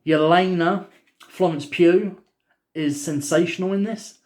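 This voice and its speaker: A man's voice: high-pitched, unhurried, a little mellow. A man co-hosting a casual film review, opinionated and rambling with many fillers.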